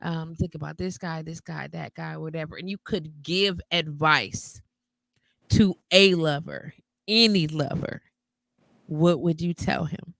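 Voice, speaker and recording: A woman's voice: low-pitched, unhurried, creaky, fairly bright tone, no echo. A woman hosting a late-night radio talk show in a playful, teasing way, laughing often. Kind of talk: casual chat.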